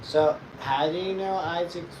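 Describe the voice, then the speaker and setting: A man joining a live stream, firing off loud, teasing, crude banter. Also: a little high, measured pace, music in the background. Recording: echoey, distant, noisy.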